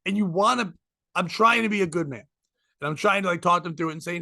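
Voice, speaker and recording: A man's voice: high-pitched, fairly quick, creaky, pushed and bright, no echo. A man co-hosting a podcast, telling a long rambling story in casual comedic chat. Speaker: podcast co-host.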